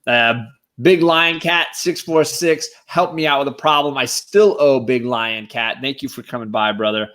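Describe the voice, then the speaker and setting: A man on a casual live stream, giving enthusiastic shout-outs to the chat as a guest co-host. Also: medium pitch, moderate pace.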